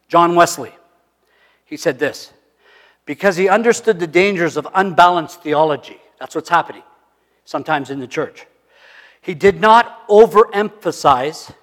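A man preaching a sermon, swinging between loud emphatic lines and hushed asides. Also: on the high side. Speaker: pastor. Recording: long hall reverb.

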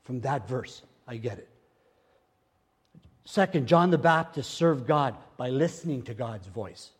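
Older pastor, hushed to shouting. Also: male voice, mid-range voice, lively intonation, unhurried, husky, in a large hall. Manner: swings from hushed murmurs to loud exclamations; repeats phrases for emphasis. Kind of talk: sermon. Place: church.

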